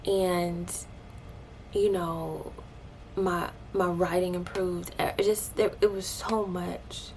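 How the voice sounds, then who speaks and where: A young woman telling a personal faith testimony, emotional and animated, dropping into breathy hushed asides. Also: on the low side, slow pace, a little hiss or hum. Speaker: vlogger sharing a faith testimony.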